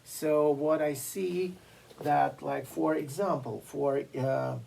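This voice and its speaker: A piano teacher giving a masterclass lecture, explaining slowly and deliberately with frequent fillers and pauses. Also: mid-range voice, steady tone, gravelly, warm tone, low-quality recording. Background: occasional piano playing.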